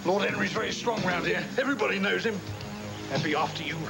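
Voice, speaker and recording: Brief: raspy, menacing heavy. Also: male voice, sits high, fast talker, music in the background. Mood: threatening. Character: threatening henchman, blustering.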